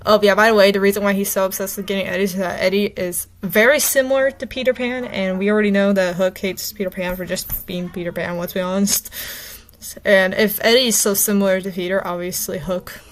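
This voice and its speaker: A woman's voice: mid-range voice, steady tone, a little fast. A woman reading her own old stories aloud, breaking off into chatty, self-mocking commentary with lots of fillers.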